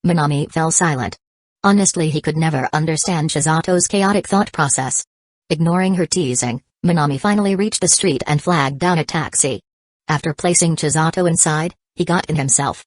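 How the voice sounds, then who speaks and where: A woman narrating a romance novel audiobook in a measured, even storytelling voice. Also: deep voice, dry recording. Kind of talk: scripted narration.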